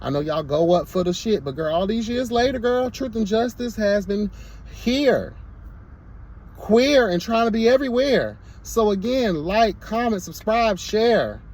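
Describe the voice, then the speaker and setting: This man's voice is high-pitched and darkish, and although animated, he takes his time. He's vlogging a sassy, emphatic rant straight to camera, piling on repeated exclamations like "girl" and "hello, God."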